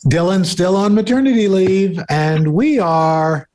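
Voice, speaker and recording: A man's voice: high voice, measured pace, a little mellow, a little hiss or hum. A man co-hosting a casual chat show from home into a desktop microphone, rambling with fillers and restarts. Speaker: co-host. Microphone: desktop USB microphone.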